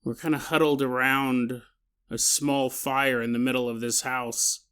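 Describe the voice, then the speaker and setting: A man hosts a podcast and tells a strange story casually. He jokes and slips into little acted scenes. His voice has a bright, forward tone. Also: mid-range voice, a little slow, clear, resonant tone. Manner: animated, joking, acts out scenes. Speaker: podcast host.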